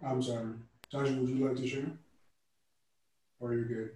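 A man leading a group discussion, reading out statements slowly and calling on people by name. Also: mid-range voice, level tone, warm tone. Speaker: discussion moderator. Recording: echoey room, far from the mic.

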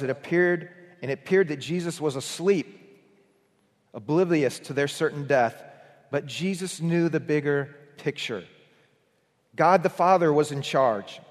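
A man preaching a morning sermon, earnest in tone, who builds up to emphatic peaks and then drops to a near hush. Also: fairly high pitch, big-room sound. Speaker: pastor.

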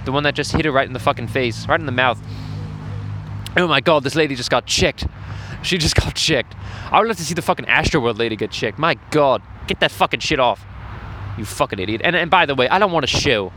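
A man's voice: mid-range voice, animated, fast, bright, forceful tone, slight background noise. A man giving crude, profane running commentary from the stands of a lacrosse game outdoors. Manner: profane ranting, frequent swearing. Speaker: host.

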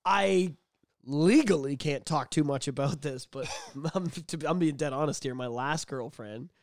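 A young man co-hosts a casual podcast, telling his own stories and cutting in with sarcastic jokes. His voice sits a little high for a man. The sound is dry and close. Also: moderate pace, no echo. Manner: joking, sarcastic interjections. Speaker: podcast co-host. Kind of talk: casual chat.

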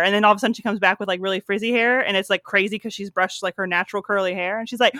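A woman's voice: medium pitch, racing, hardly any pauses, sharp tone, no room sound. A woman co-hosting a podcast in casual chat, bubbly and enthusiastic, with lots of fillers. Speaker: podcast co-host.

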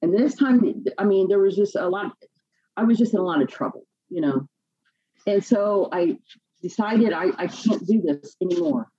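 A woman telling her own life story in a podcast interview, halting and repeating words as she fights back tears. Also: mid-range voice, sing-song, dark tone, slightly rough, dull audio. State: near tears. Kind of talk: emotional personal testimony.

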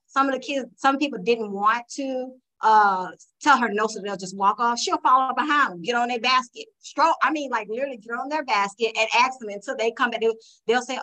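A woman telling a story in a casual, animated chat, with lots of fillers and restarts. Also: mid-range voice, fairly quick, low-quality recording. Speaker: guest panelist.

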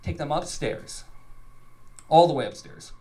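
A man's voice: on the high side, lively intonation, unhurried, mellow. Man in his 30s, raised voice, storyteller, rambling and profane. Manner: loose, profane, rambling delivery with acted-out quotes. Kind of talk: live comedic storytelling.

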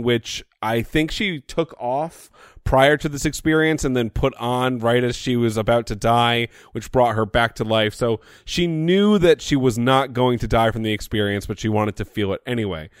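Male podcast co-host, clear resonant voice, reflective, dry close recording. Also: mid-range voice, no room sound. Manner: reflective, poses questions. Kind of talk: casual recap chat.

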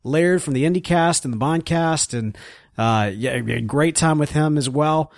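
A man's voice: fairly high pitch, moderate pace, dry recording, studio quality. A man co-hosting a casual podcast, joking around and reading out show plugs. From American South. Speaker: podcast co-host. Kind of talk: casual chat.

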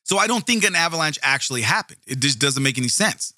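Bright, brash man riffing between readings. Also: on the high side, lively intonation, fast talker, dry recording, studio quality. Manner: profane, wry and emphatic, with frequent restarts. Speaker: video host. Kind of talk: casual commentary mixed with reading aloud.

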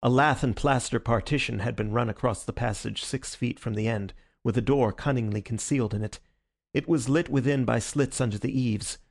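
A man reads a detective story in a measured, even manner. His mid-pitched voice carries a gravelly texture throughout. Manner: measured, even reading with calm character dialogue. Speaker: narrator. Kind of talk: audiobook reading of a detective story.

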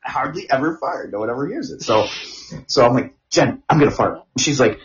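A man co-hosting a crude casual chat podcast, rambling through stories with repeated words and loud laughs. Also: medium pitch, animated, brisk. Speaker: podcast co-host. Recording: dull lo-fi audio.

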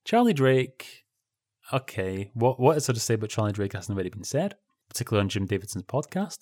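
A man's voice: on the low side, big pitch swings, quick pace, darkish tone, no echo, studio quality. A man co-hosting a podcast, chatting casually about old television in a rambling, wry way that keeps breaking off and restarting. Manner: rambling, self-interrupting, wry. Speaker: podcast co-host.

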